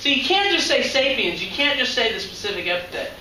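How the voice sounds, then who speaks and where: Man teaching a class, high voice. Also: sing-song, a little fast, bright, forceful tone. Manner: conversational, asks the class questions. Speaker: high school biology teacher. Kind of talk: classroom lecture. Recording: echoey classroom from far off, faint noise.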